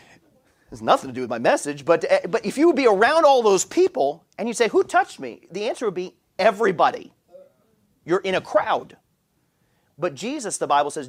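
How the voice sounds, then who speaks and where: A man preaching a sermon as pastor, often repeating words as he restarts phrases. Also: fairly high pitch. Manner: animated preaching with frequent stammered repeats. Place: church.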